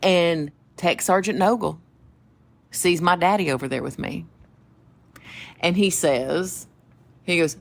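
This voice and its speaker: A woman with a Southern US accent, co-hosting a podcast and telling stories in casual chat, animated, laughing often and acting out quoted voices. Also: fairly low pitch, slow pace, creaky, long pauses. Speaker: podcast co-host.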